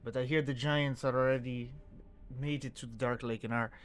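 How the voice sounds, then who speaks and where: A man voicing a calm male tavern owner in a tabletop game. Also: mid-range voice, brisk, lightly acted. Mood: hospitable. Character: male tavern owner standing firm in his home.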